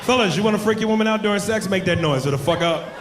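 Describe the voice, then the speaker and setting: A man performing a loud, brash stand-up comedy set on a club stage, breaking into shouted sound effects. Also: high-pitched, fast talker. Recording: roomy live club sound with audience noise.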